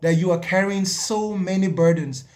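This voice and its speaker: A male host with a slightly raised pitch offers a caller earnest, measured advice. He leans on repeated phrases to drive his points home. A faint hiss of noise runs under his voice.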